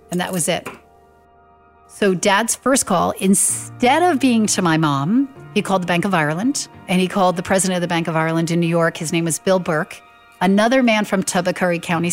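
Lowish-voiced woman telling a family story. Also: a little fast, soft background music. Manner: animated storyteller acting out quoted dialogue. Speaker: guest telling her late father's story. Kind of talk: storytelling interview.

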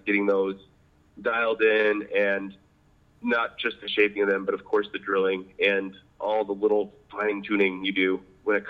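A man chatting as a podcast guest, animated and laughing often as he tells his story. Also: lowish voice, phone-quality sound. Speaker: podcast guest, apprentice pipe maker. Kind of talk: casual interview chat.

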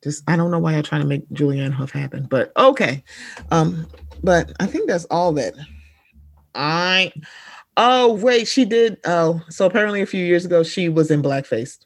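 This co-host has a medium-pitched voice at a moderate pace, recorded with no echo. Chatting casually about pop culture, they're blunt, profane and sarcastic, throwing asides to listeners they call "y'all."

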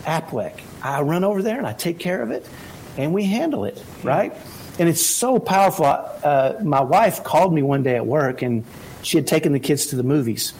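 Brief: energetic dad giving a motivational parenting talk, tenor-leaning voice, faint hum behind. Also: male voice, fairly high pitch, normal speed, poor audio. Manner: energetic, keeps asking "right?". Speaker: parent sharing autism parenting advice.

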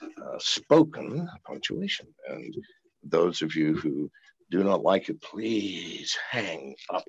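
A man's voice: deep voice, sing-song, slow, creaky, slightly rough, highs cut off. A man talking as a podcast guest over a video call, profane and rambling. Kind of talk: casual interview.

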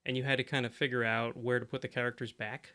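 A man's voice: medium pitch, fast talker, clear, resonant tone. A man co-hosting a casual tech podcast, telling stories with frequent laughs. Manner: laughs often, animated storytelling. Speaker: podcast co-host.

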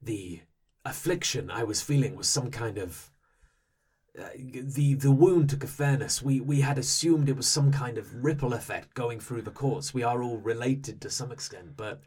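A man voicing a proud, muscular barbarian warrior, speaking slowly and solemnly in a put-on Danish-sounding accent. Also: mid-range voice, a little mellow, breathy edge, lightly acted. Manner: slow, solemn and halting.

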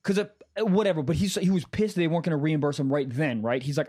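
A man telling a story in casual podcast chat, animated and acting out the people he quotes, with lots of fillers. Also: a little high, fast talker, few pauses, slightly rough.

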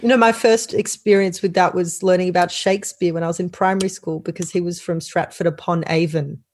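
A woman co-hosting a casual podcast, chatting in a relaxed, amused way. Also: on the low side, fairly quick. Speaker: podcast co-host.

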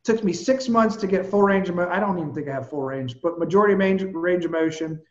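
A man with a notably high voice tells his story with animated energy and casual bluntness. The sound is roomy and a bit muffled. He speaks as a guest on a casual chat. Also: fast talker. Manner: animated, vivid storyteller who swears casually. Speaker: guest, personal trainer.

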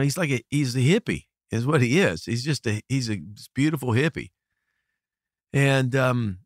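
A man's voice: medium pitch, dry recording, studio quality. A middle-aged man from the United States, a record producer telling stories in a casual interview, laughing easily and restarting his sentences. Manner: animated, laughing storyteller with many restarts.

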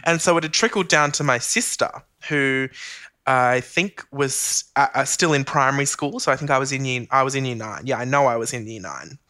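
Give me a man in his thirties with a bright voice, telling a personal story in a lively, chatty way. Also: mid-range voice, a little fast. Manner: animated, chatty storyteller who mimics other voices.

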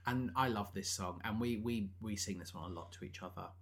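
A man's voice: on the low side, a little fast, husky. A man co-hosting a podcast, chatting enthusiastically about a musical. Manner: enthusiastic, bursts into sung quotes. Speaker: podcast co-host. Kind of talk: casual chat reviewing a musical.

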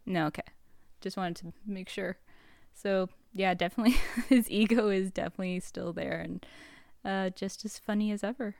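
Female co-host, smooth lowish voice, dry close sound, hesitant casual chat. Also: fairly even intonation, moderate pace, darkish tone, no room sound. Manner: hesitant, many fillers, laughs easily. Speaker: podcast co-host.

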